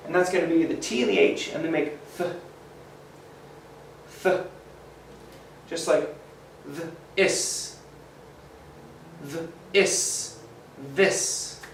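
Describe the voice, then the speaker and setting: A man's voice: a little high, slight background noise. A man teaching a phonics lesson to children, sounding out letters one by one and cheering the class on. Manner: slow, sounds out letters, encouraging. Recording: roomy echo, mic at a distance.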